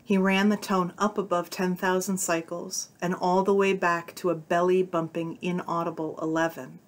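Female narrator with a lowish voice; reads fiction aloud, voicing characters lightly. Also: little pitch movement, moderate pace. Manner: voices the characters' dialogue with shifts of tone. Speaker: narrator reading a short story aloud. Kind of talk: audiobook-style story reading.

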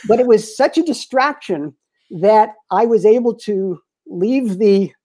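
A man in his sixties, a retired publicist and interview guest, telling lively anecdotes with frequent chuckles. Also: high voice, measured pace. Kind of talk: storytelling in a casual interview.

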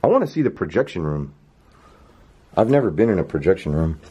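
A young man hosting an exploring vlog in an abandoned theater, talking casually and getting excited. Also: brisk, muffled recording, slight background noise. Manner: excitable, jumps up in pitch when surprised. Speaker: vlogger host. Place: abandoned indoor movie theater.

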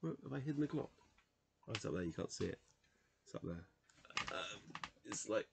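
A man's voice: fairly low pitch, expressive, gravelly, noisy background. A man reading dictionary entries aloud late at night, sounding tired, stumbling over pronunciations and muttering self-corrections. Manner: reads words in a halting, self-correcting way with muttered asides. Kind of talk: casual solo reading vlog.

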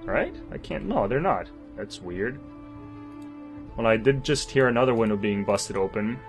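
A man with a lowish voice commentates his own gameplay, swinging his pitch widely as he grumbles, swears and jokes to himself. Faint game music runs quietly underneath. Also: lively intonation, moderate pace. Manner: swears and talks to himself, exasperated and joking. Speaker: gamer. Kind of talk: let's play commentary.

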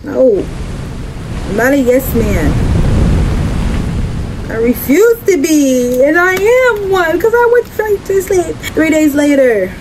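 High-voiced young woman commentating a game. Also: sing-song, slow, pauses often. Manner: chatty, reactive, slangy. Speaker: gaming creator. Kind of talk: casual gameplay commentary. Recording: game noise behind voice.

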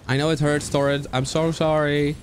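A man's voice: a little high, normal speed, a little hiss or hum. A man casually commenting on his game as he plays, talking to the characters and swearing. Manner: animated, swears, talks to the game, yelps and squeals. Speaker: gaming streamer.

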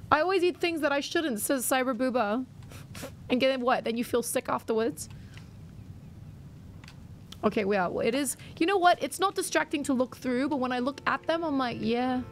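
A woman live-streaming a video game, chatting playfully and reacting to her viewers' messages. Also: fairly high pitch.

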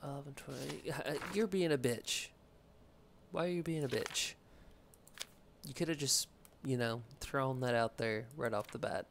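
Gravelly man rambling over gameplay. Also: medium pitch, measured pace, a bit bright, slight background noise. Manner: rambling, joking, swears casually. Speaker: game commentator. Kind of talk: let's play commentary. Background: video game music.

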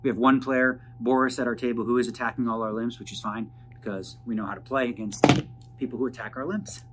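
A man's voice: mid-range voice, steady tone, quick pace. A man casually narrating a vlog, chatting through poker hand breakdowns in a rambling, jargon-filled way. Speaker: poker player vlogger. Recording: noisy background.

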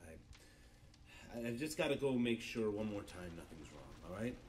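A man's voice: lowish voice, very animated, unhurried, very noisy. A man voicing an anxious husband and father in a game, hesitant and worried.

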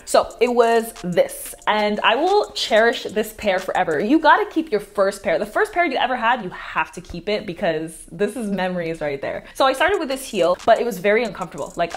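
Chatty woman heels dance teacher. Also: medium pitch. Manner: chatty, playful, talks straight to viewers. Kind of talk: casual tutorial vlog.

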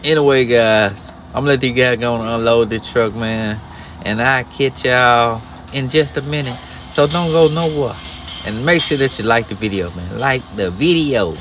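A man, a flatbed truck driver talking casually to viewers from his truck, slow and drawling, venting and cussing. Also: medium pitch, soft background music. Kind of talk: casual vlog talk to viewers.

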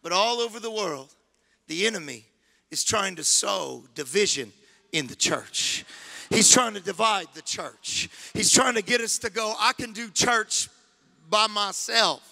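High, bright-voiced preaching man. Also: animated, unhurried, vocal fry. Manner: builds to impassioned shouting, repeats phrases. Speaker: guest pastor. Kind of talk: sermon. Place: church sanctuary.

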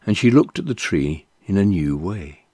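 A man reads a Bible passage in a measured, unhurried way. His voice sits very low and sounds dark and mellow, with a slow pace. The sound is dry and close. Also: lively intonation, breathy edge, no echo. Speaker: scripture reader. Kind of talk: scripted Bible reading.

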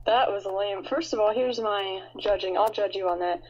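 A woman's voice: medium pitch, moderate pace, darkish tone. Blunt teasing woman on a dull line. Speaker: guest. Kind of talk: casual banter.

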